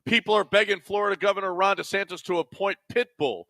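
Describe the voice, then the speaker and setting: Male radio co-host, bright tense tone, a touch high, dry close studio mic, wry news-of-the-day reader. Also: fast, dry recording. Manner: wry, teasing news delivery. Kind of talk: reading quirky news items in banter. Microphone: studio microphone.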